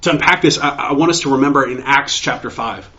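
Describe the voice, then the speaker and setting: A man preaching a sermon in an excitable way, often restarting and repeating words as he works through a passage. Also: mid-range voice, quick pace. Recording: dull lo-fi recording.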